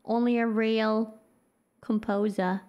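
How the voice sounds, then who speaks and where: A woman's voice: fairly high pitch, level tone, slow, smooth, muffled recording. A young woman streaming a game, gasping and reacting playfully as she reads in-game text aloud.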